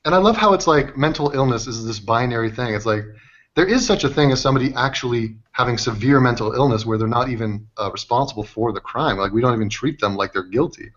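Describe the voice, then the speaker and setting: A man's voice: mid-range voice, fast, fairly bright tone. A man hosting a casual livestream chat, joking and asking his guests questions. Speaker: livestream host. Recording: dull lo-fi stream audio.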